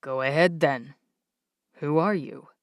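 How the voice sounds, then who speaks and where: A woman voicing a sardonic, teasing adult male emperor in an audiobook, speaking in a wry, languid, slow drawl. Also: sits low, no echo, clean studio sound, pitched below the performer's own voice.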